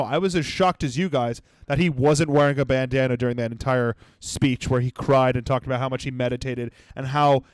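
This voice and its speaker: A man's voice: on the high side, no room sound. Sarcastic, profane man ranting, dry close sound. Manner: profane, sarcastic, mocking impressions. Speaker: comedy podcast host. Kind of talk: comedic rant.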